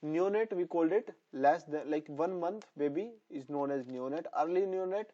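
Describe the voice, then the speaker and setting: A man gives a pediatrics lecture, his voice a little hoarse and fairly high but mellow in tone. He keeps repeating each term and range so students can memorize them. The recording sounds dull and lo-fi. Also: moderate pace. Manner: repetitive, drilling terms for memorization. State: voice slightly hoarse. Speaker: nursing exam tutor. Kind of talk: online lecture.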